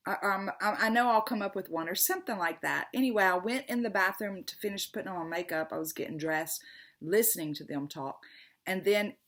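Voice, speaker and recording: A woman's voice: mid-range voice, fairly quick. Middle-aged woman host, earnest vlog talk, voice rises when passionate, trips over words. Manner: earnest, gets passionate and loud, stumbles and repeats words. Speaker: tarot channel host. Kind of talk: casual vlog monologue.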